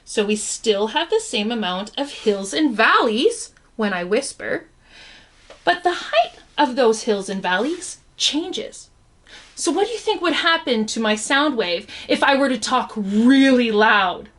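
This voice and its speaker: A woman's voice: a little high, expressive, unhurried. A young adult woman teaching a science lesson for children in a playful, encouraging way, often asking the viewer questions. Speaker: science educator.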